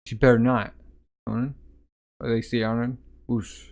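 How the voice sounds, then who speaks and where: Man reading manga aloud, halting. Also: mid-range voice, level tone, darkish tone. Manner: halting, adds sound effects and asides. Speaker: manga reader. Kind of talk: casual manga read-aloud with voiced lines.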